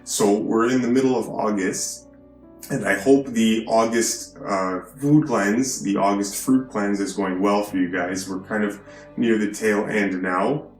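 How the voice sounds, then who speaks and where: A man's voice: fairly low pitch, steady tone, a little slow, echoey room, soft background music. A man hosting a vlog from a hotel room, lecturing emphatically and often asking "right?". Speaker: video host. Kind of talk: preachy vlog monologue.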